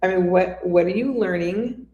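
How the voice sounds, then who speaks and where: A woman's voice: lowish voice, normal speed, dark tone, lo-fi sound. A woman coach co-hosting a casual interview chat. She talks conversationally and asks probing questions. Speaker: coach and co-host. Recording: roomy echo.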